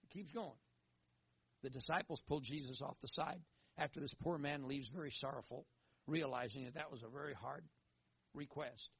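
A man preaching a sermon in an animated way, repeating phrases for emphasis, on a dull lo-fi recording. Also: mid-range voice, normal speed, gravelly, slightly rough, dry recording. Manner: animated, acts out quoted voices, emphatic repetition.

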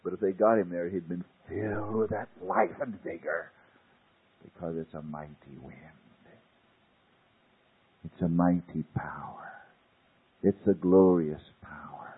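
A man preaching a sermon, swinging dramatically from loud declarations to hushed near-whispers, with a husky voice. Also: sits low, measured pace, pauses often. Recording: tinny phone-like old sermon tape.

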